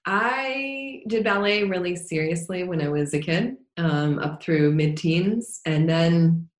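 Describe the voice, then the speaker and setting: A cheerful woman chats casually as a podcast guest, often breaking into laughter and pausing with ums. Her voice sits a little low. The room around her is noticeably echoey. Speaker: podcast guest, dance teacher. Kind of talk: casual interview chat. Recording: roomy echo.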